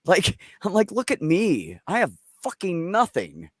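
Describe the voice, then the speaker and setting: A man's voice: sits high, huge pitch swings, a little slow, dry recording, studio quality. A middle-aged man hosting a casual live chat, telling stories bluntly and with lots of swearing and joking. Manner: blunt, profane, joking storyteller. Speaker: livestream host.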